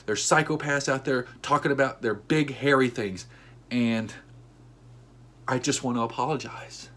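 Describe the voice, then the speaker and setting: A man telling a funny story from his own life, with an animated, conversational delivery. His voice sits in a middle pitch range. When he acts out what people said, it jumps into sudden high-pitched outbursts. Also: moderate pace. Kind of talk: comedic storytelling monologue.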